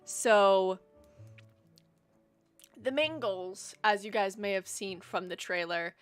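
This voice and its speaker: A woman's voice: mid-range voice, slow, pauses often, smooth. Young woman streamer, casual rambling chat, faint music underneath. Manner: chatty, rambling, frequent ums. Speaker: livestream host.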